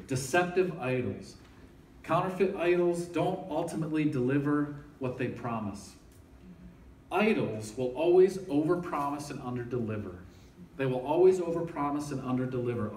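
In an echoey room, a campus ministry speaker gives students an informal, conversational sermon, often checking in with them. His voice is fairly high and darkish, heard from a distance with a little hiss or hum.

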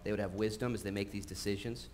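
A man preaching a sermon in a church, talking casually with frequent fillers and getting animated as he tells stories. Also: on the low side, fast, a little hiss or hum. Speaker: pastor. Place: church sanctuary. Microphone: live-streamed recording.

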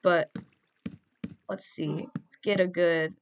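A woman's voice: fairly low pitch, big pitch swings, takes it slowly, pauses often, slight background noise. A teenage girl giving casual, goofy gameplay commentary, chatting and rambling to her audience. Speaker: gamer.

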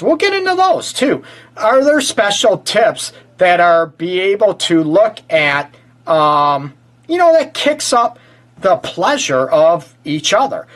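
A man's voice: high-pitched, a bit bright. A man from the Detroit area hosting a casual relationship talk show, interjecting and joking as a counselor. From Detroit area, USA. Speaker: host and counselor.

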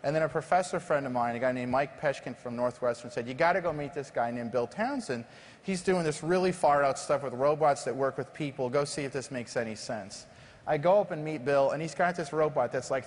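A man being interviewed on a conference stage as a company founder, telling lively self-deprecating stories. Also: medium pitch, brisk. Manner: animated, self-deprecating anecdotes. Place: large conference stage before an audience. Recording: long reverb of a large hall.

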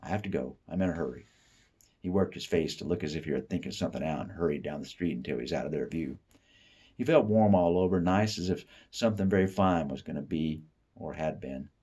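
A man from the Appalachian South giving a steady, unhurried literary reading of a short story. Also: sits low, breathy edge. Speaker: author reading fiction.

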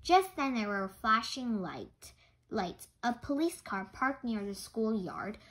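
A woman reading a children's mystery book aloud in an animated way, with small slips she corrects. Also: fairly high pitch, slow pace, rough recording. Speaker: storybook reader.

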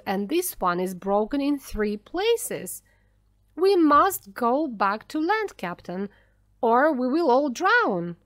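A woman's voice: fairly high pitch, dry recording, studio quality. A woman reading a storybook voices a frightened male engineer who speaks urgently and insistently.

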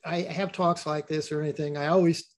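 A man's voice: fairly high pitch, steady tone, a little fast. An older man talking as a guest in a casual interview, rambling and repeating words as he tells stories.

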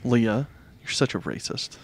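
A man's voice: mid-range voice, expressive, unhurried, breathy edge. A man co-hosting a podcast, bantering and teasing his co-host in a wry, casual way.

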